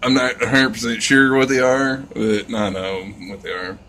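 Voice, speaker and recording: A man's voice: medium pitch, normal speed, a bit bright, a little hiss or hum. A man ranting in a casual vlog, rambling and scornful, swearing constantly. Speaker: vlogger.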